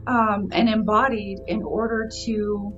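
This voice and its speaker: A young woman reading oracle cards in a casual chat, enthusiastic and quick to exclaim. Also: mid-range voice, steady tone, fairly bright tone, highs cut off, faint music behind. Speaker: co-host, card reader.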